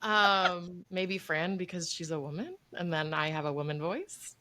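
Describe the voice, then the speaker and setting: A woman's voice: fairly low pitch, animated, measured pace, bright, forceful tone. A woman co-hosting a podcast, giving easygoing answers with frequent laughter. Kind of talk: casual podcast chat.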